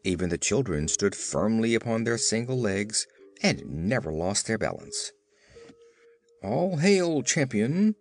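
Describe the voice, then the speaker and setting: Lively male audiobook narrator. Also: lowish voice, normal speed. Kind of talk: scripted narration.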